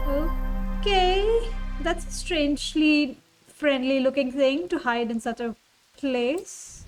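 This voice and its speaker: Brief: woman gamer, high voice, unhurried, quietly thinking out loud over soft music. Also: rough recording. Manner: thinks aloud, muses softly. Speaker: game streamer. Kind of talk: blind game playthrough commentary.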